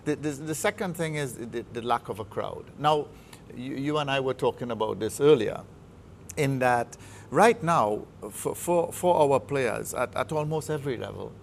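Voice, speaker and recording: A man's voice: mid-range voice, lively intonation, moderate pace, vocal fry, a little hiss or hum. A man with a Trinidadian accent, a football coach giving an interview, speaking emphatically and repeating words as he builds his points. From Trinidad and Tobago. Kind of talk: studio interview.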